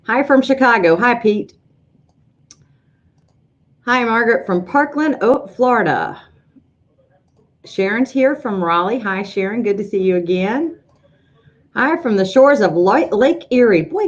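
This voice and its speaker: Chatty woman hosting a lo-fi livestream. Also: on the high side. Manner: chatty, rambling, with frequent ums. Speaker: host of a live sewing software show. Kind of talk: casual livestream chat greeting viewers.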